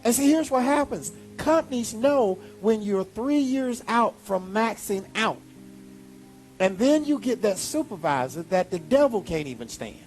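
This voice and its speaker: A man pastor preaching a sermon, animated, with sudden high exclamations. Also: unhurried, soft background music.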